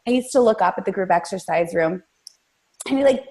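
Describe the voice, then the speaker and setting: A woman's voice: medium pitch, lively intonation, fast talker, gravelly, warm tone. A woman guest-hosting a coaching team call, telling her story in a colorful, chatty way and speaking straight to her listeners. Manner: chatty, addresses listeners directly. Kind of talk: casual motivational storytelling.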